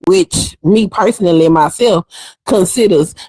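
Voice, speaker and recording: Speaking in a warm, low-leaning voice with a breathy edge, a livestream host delivers heated, fiery and sassy commentary at a measured pace, hammering her points by repeating them. The audio has no echo but sounds rough.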